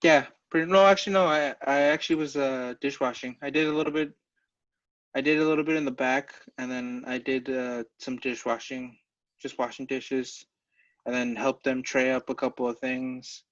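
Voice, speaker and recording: A man's voice: medium pitch, fairly even intonation, normal speed, a bit bright. A young man co-hosting a podcast, telling casual stories in a rambling way, with slangy talk and casual swearing. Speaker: podcast co-host. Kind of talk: casual chat. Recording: slightly dull, lo-fi sound.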